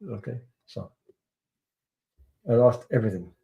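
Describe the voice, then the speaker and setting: Male tarot reader on a live stream, earnest and rambling, mid-pitched voice, casual storytelling. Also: a little slow, creaky, mellow, muffled recording. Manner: earnest, rambling, repeats words for emphasis.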